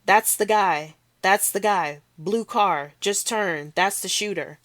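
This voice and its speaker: A woman reading aloud, voicing a frantic male bystander who calls for help in panicked, shouted bursts. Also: medium pitch, slow, no echo. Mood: urgent. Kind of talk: read-aloud novel.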